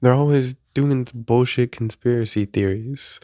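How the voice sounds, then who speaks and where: A man's voice: mid-range voice, fairly even intonation, measured pace, a little mellow, no echo, studio quality. Profane young man venting, sick with flu. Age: 20s. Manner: exasperated, profane venting with mock quotes. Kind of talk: casual ranting monologue.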